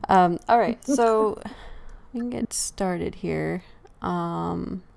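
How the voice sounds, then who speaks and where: A woman's voice: lowish voice, very slow, vocal fry, a little mellow. A woman hosting a casual live online chat, talking loosely with fillers and frequent laughs. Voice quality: chatty, laughing, many fillers. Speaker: host.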